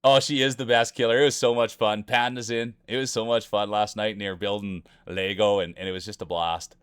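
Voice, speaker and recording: A man's voice: fairly low pitch, level tone, brisk, clean tone, no room sound. A man commentating marble races on a live stream, greeting viewers by name and hyping up close finishes. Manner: upbeat, greets chat viewers by name, hypes race finishes.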